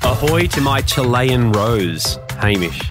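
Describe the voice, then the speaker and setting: Host reading out listener shout-outs. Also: male voice, mid-range voice, lively intonation, music in the background. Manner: reading listener messages with quick jokes. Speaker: radio host. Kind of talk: casual comedic banter.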